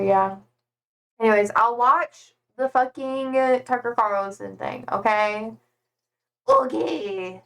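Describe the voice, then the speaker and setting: A woman's voice: a little high, a bit bright. A young woman streamer chatting casually with her viewers, rambling and giggling, with lots of "like" and casual swearing. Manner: rambling and giggly, heavy use of "like". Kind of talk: casual live-stream chat.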